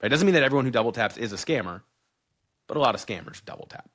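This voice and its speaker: A man's voice: mid-range voice, expressive, racing, fairly bright tone. A man guesting on a podcast, speaking candidly and bluntly in a casual way, full of "like".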